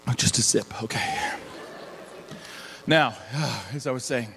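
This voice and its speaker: A middle-aged man preaching a conversational sermon, animated and chatty, often laughing between sentences. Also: medium pitch, slow pace, gravelly, a faint crowd, slight background noise. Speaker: pastor. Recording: long hall reverb.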